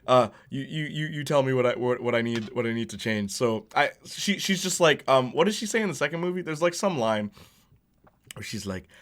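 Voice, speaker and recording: A young man streams a video game and chats casually, rambling, restarting his sentences, and laughing often. His medium-pitched voice is expressive and a bit bright, and he talks fairly quickly with few pauses.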